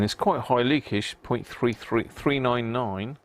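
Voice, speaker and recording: A man's voice: medium pitch, unhurried, a little hiss or hum. Chatty man live-streaming radio repairs. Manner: chatty, answers live chat, mutters while testing parts. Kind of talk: casual live-stream chat while working.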